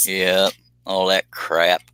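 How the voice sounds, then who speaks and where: Man, low voice, very bright and sharp tone, dry close sound, joking, self-deprecating, live-stream host. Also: monotone, takes it slowly, clear, resonant tone, dry recording. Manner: talks while working on a cut. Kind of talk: casual live-stream chat.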